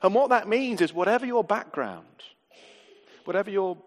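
A man's voice: high voice, lively intonation, normal speed. A man preaching a sermon to a church gathering, earnest and conversational, often asking the congregation rhetorical questions. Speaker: pastor. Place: church hall. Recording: long hall reverb.

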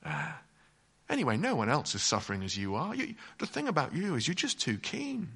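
A man's voice: fairly high pitch, wildly swooping pitch, brisk, fairly bright tone, slightly rough, heavily acted. A male preacher voicing a sly devil who coaxes and insinuates doubts. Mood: coaxing. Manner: coaxing, insinuating.

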